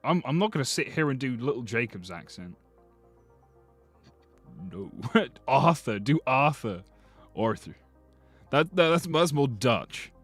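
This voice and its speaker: Lively joking male streamer. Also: mid-range voice, unhurried, faint music behind. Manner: chatty, jokey, lively. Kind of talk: live stream commentary.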